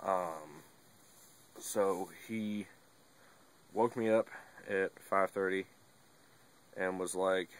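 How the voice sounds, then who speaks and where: A man's voice: low-pitched, extremely slow, long pauses, a little hiss or hum. A young man talking casually to his camera, rambling and laid-back, with lots of fillers and the odd curse word. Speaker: vlogger. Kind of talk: casual monologue.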